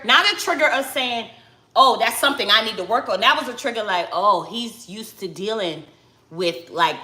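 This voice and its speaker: A woman with a Brooklyn accent talking casually and candidly, loud and direct, in a reflective vlog. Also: medium pitch, echoey room. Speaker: spiritual vlogger, tarot reader.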